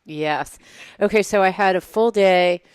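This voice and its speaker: A woman in her forties co-hosting a casual talk show, telling a personal story in an animated way and acting out her own inner voice. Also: medium pitch, unhurried, clean tone, no echo. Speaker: podcast co-host. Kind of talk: casual chat.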